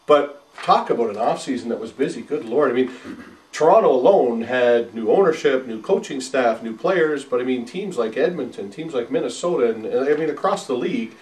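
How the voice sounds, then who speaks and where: A man in the host's chair talks fast, moving the conversation from one topic to the next. His voice echoes around a roomy space, and he sits away from the microphone. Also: mid-range voice, expressive, darkish tone. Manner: quick, conversational, steers the topics. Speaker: podcast host. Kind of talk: casual sports chat. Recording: roomy, distant mic.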